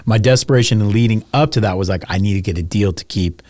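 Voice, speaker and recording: A man's voice: fairly low pitch, fast talker, darkish tone, no room sound. A man in his thirties, a podcast guest, telling candid stories in a loose, casual way, full of "like" and the odd curse word. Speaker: podcast guest, real estate agent. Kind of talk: casual interview storytelling.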